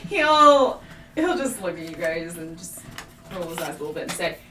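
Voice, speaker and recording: A woman's voice: fairly low pitch, sing-song, normal speed, background noise. A woman running a tabletop game as game master, narrating hesitantly with many fillers. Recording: echoey room, far from mic, music behind.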